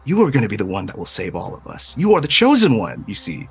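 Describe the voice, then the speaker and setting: A man's voice: fairly low pitch, wildly swooping pitch, fast, slightly rough, full character voice. A man voicing a scheming leader who patronizingly coaxes a child into a grim plan. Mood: coaxing. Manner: oily, patronizing, persuasive. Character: scheming manipulative leader, smooth and condescending.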